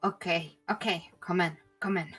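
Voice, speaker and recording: A woman's voice: lowish voice, steady tone, moderate pace, fairly bright tone, breathy edge, faint music behind, pitched below the performer's own voice. Woman doing a flustered elderly man. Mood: grudging. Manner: flustered, repeating himself. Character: nervous, tired elderly man, a town official.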